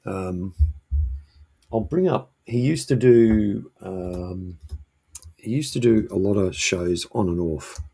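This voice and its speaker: Low, gravelly man host, husky, halting casual chat. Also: mellow. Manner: hesitant, lots of ums and restarts. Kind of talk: casual live-stream chat. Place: home shed.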